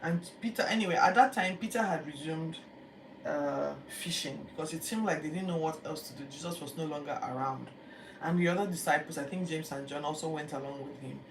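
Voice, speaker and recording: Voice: medium pitch, a little fast, vocal fry. Chatty teacher, echoey room. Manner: lively storytelling with acted quotes, chatty fillers. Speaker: Bible teacher. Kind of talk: casual Bible-reading commentary. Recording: echoey room, distant mic, background noise.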